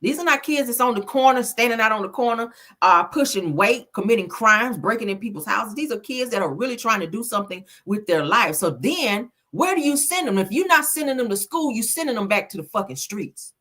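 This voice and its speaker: A woman's voice: a little high, lively intonation, a little fast, fairly bright tone. A woman hosting a casual news commentary stream, emphatic and blunt, swearing freely and calling her viewers honey and child.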